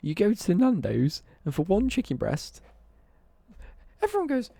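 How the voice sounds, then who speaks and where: A man's voice: high voice, huge pitch swings, unhurried, gravelly, mellow, dry recording. A young British man ranting on a casual live stream, sweary and worked up.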